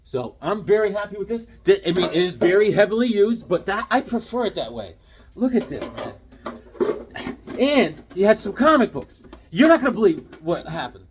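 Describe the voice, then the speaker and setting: A man in his forties showing off a comic book haul, talking in an excitable, joking way, recorded at home on a camera mic. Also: high-pitched, normal speed, noisy background. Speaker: comic collector vlogger. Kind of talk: casual comic haul vlog with jokes.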